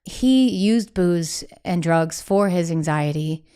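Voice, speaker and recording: Smooth-voiced young woman telling her story. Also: lowish voice, animated, warm tone. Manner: fast, emphatic storytelling with quoted asides. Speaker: podcast guest, singer. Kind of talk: candid conversational interview.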